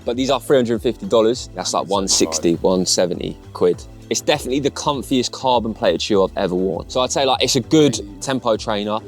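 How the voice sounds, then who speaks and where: A man's voice: fairly low pitch, lively intonation, fairly quick, hardly any pauses, soft background music. Laid-back guy chatting. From England. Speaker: host, endurance runner. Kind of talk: casual vlog talk and narration.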